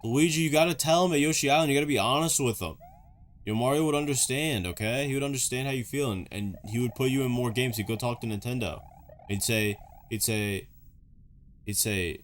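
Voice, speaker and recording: A man's voice: medium pitch, fairly quick, soft background music. A man giving casual, joking reaction commentary on videos, rambling through chatty asides.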